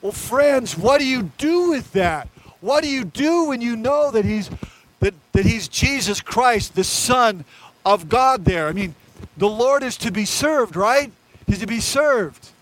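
A man's voice: extremely high pitch, lively intonation, a little slow, fairly bright tone, a little hiss or hum, rough recording. A male pastor preaching a sermon in an earnest, conversational way, talking straight to his congregation.

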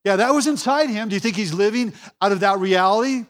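A man's voice: high-pitched, fast talker. A man pastor preaching a sermon in a church, repeating key phrases for emphasis and acting out the voices he quotes.

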